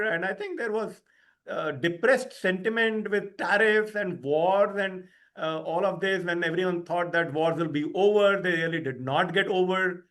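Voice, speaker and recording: A man with a high-pitched voice explains results to investors on a call. He talks in a measured, halting way, filling gaps with hesitations. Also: a bit bright. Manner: measured, hesitant with many fillers. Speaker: company executive answering investors.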